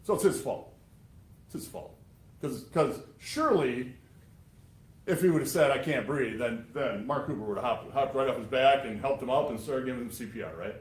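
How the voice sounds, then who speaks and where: In a courtroom, a man with a medium-pitched voice delivers a prosecutor's closing argument at a moderate pace. He addresses the jurors emphatically and sarcastically, and the recording has echoey courtroom acoustics.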